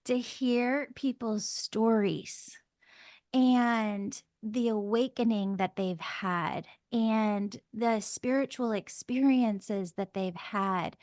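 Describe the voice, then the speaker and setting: A woman's voice: on the high side, slow pace, a little mellow, dry recording, clean studio sound. A woman hosting a podcast and telling a story in a casual, gushing way, full of fillers like "like" and "oh my God.". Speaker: podcast host.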